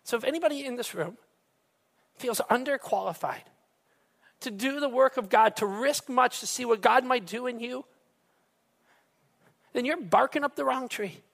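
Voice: medium pitch, normal speed, gravelly, long pauses, a bit bright. A pastor preaching a sermon in an emphatic way, talking straight to the congregation and repeating phrases for weight.

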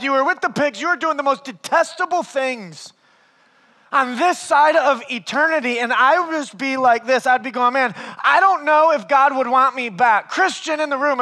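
Speaking in a very high-pitched voice, a man gives a sermon as pastor, his animated, conversational delivery moving between booming and hushed. He frequently calls his listeners "man."

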